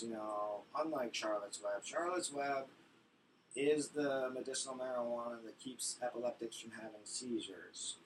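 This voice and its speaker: A man doing a stand-up set on a small stage, telling crude stories in a rambling way. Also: mid-range voice. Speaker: stand-up comic. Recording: far from mic, faint noise.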